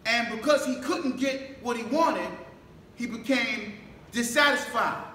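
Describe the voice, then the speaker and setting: High-voiced New man preaching in an echoey hall. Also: unhurried. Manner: rhetorical questions, calls for responses, builds to shouts. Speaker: mosque minister. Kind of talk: sermon. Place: mosque hall. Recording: echoey room, distant mic, faint background noise.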